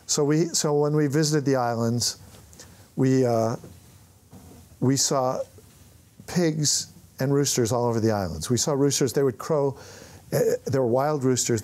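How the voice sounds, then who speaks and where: An older man telling anecdotes in an on-stage conversation, acting out the voices of the people in his stories. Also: mid-range voice. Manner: animated storyteller, acts out quoted voices. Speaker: film writer-director, guest. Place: on stage before an audience.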